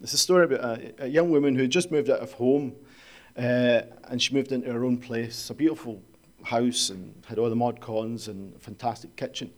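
A man preaches in an easy, conversational way, moving between stories and scripture readings. He poses rhetorical questions and talks directly to his listeners. His pitch sits in an ordinary middle range. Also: fairly quick. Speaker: pastor. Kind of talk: sermon.

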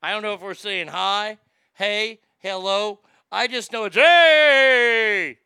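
A man's voice: high voice, unhurried, vocal fry, clean tone, no room sound, clean studio sound. A man streaming casually, mocking etiquette advice with a crude, sarcastic, profane manner. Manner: animated, jumps into loud shouts. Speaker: streamer reacting to etiquette tips.

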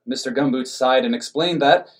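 A man narrating an absurd comic story in a deadpan, matter-of-fact way. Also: mid-range voice, normal speed.

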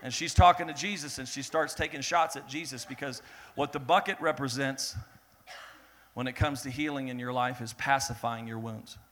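A man preaching a sermon in a lively way, acting out the people in his story and swinging between loud bursts and hushed lines. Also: medium pitch, normal speed, slight background noise. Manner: animated, acts out voices of biblical figures, swings between loud and hushed. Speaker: pastor.

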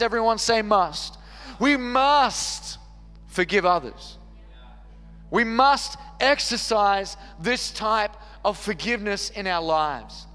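A man's voice: very high voice, a little slow, sharp tone, clear, resonant tone. A man, preaching a sermon as pastor with an earnest, repetitive cadence. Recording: long reverb hall with faint music.

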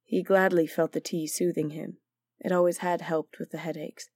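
Low-voiced woman narrating a story. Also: level tone, moderate pace, darkish tone, husky, no room sound. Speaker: audiobook narrator.

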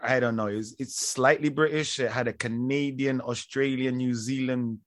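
A man co-hosting a podcast who talks in loose, rambling bursts. He jokes around and laughs often, with a voice of ordinary middle pitch. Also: steady tone, moderate pace, a bit bright, no echo, studio quality. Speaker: podcast co-host. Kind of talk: casual chat.

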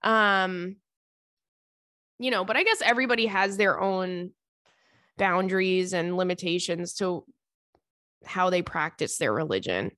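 A woman's voice: lowish voice, measured pace, long pauses, fairly bright tone, dry recording, clean studio sound. A woman hosting a podcast, reading out listener letters and reacting in a chatty, giggly way, often breaking into laughter. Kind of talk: casual chat.

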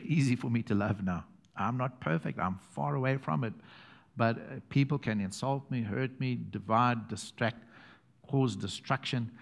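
A middle-aged South African man preaching a sermon as pastor, telling stories with chuckles and quiet emphatic asides. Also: medium pitch, vocal fry. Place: church hall. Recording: long hall reverb.

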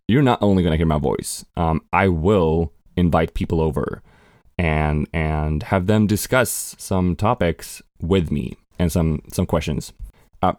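Hosting his own laid-back solo podcast, a Swede in his twenties talks openly and chattily in an American accent he picked up as a learner, cursing casually and poking fun at himself. His voice is deep and slightly mellow, recorded in studio quality without room sound.

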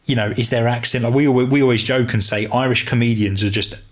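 A man's voice: mid-range voice, fast. A man co-hosting a podcast in casual, rambling chat. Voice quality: relaxed, rambling, many fillers. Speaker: podcast co-host.

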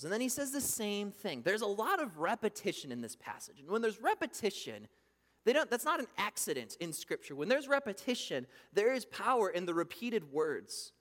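A man preaching a sermon, emphatic, swinging between loud bursts and hushed asides. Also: high-pitched, sing-song, fairly quick. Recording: long reverb from a hall.

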